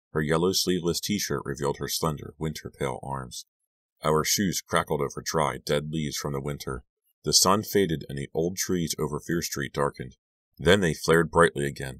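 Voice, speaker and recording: Man, audiobook narrator, very low voice, dry close sound, hushed storytelling. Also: no echo. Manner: measured, hushed storytelling, lifting for dialogue. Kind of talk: scripted narration.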